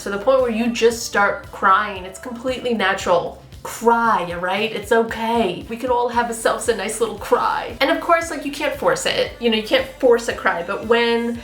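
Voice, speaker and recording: A woman talks casually to her camera as a vlogger, in an easy, expressive chat sprinkled with "like". Her voice sits at an ordinary middle pitch. The room around her rings with echo, and soft music plays underneath. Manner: chatty and expressive, many "like" fillers. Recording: echoey room with faint music.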